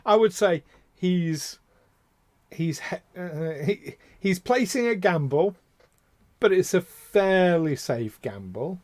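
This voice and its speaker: A man co-hosts a podcast in a casual, impassioned rant, restarting often and leaning on fillers. His voice sits high and is expressive, slow and a little mellow, without echo.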